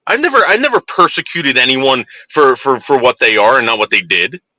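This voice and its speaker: A man's voice: medium pitch, expressive, a little fast, pushed and bright, no echo. A man ranting heatedly to his viewers in a monologue, with profanity and frequent restarts. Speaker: vlogger.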